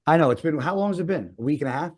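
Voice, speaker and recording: A man's voice: a little high, animated, racing, a little mellow. Profane storytelling man, casual. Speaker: podcast host. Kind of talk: casual chat.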